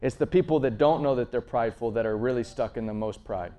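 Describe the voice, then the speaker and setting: A man preaching a conversational sermon, earnest and storytelling, swinging between emphatic lines and hushed asides. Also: medium pitch, fast talker. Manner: frequent fillers and restarts, storytelling.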